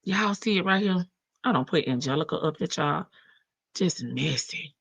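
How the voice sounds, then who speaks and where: A woman's voice: sits low, expressive, normal speed, vocal fry, fairly bright tone, breathy edge. A woman hosting a casual live stream, chatting and laughing with her viewers in as she reads updates. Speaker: livestream host. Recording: dull lo-fi stream audio.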